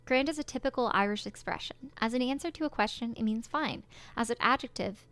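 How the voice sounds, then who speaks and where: A woman's voice: a little high, fairly quick, a bit bright, smooth. A woman giving chatty, giggly commentary while playing a visual novel. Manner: chatty, giggly, apologetic asides. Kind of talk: let's-play commentary.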